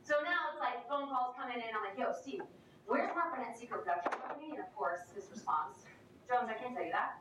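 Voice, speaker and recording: A young woman tells stories from a conference stage in a high, bubbly voice, peppering her talk with "like" and acting out the people in her anecdotes. Her voice reaches the recording from a distance in a very echoey hall, with noise and a low rumble underneath. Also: brisk. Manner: lively, peppered with "like", acts out quoted voices. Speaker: keynote speaker. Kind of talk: storytelling keynote speech.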